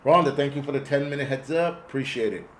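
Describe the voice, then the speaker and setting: A man in his forties, hosting a loose livestream and swearing constantly as he rambles from one gripe to the next. His voice sits at an ordinary middle pitch, with a faint hiss of noise behind it as he answers his chat. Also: fast. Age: 40s. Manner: profane, rambling, talks back to chat. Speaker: host. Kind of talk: casual livestream rant.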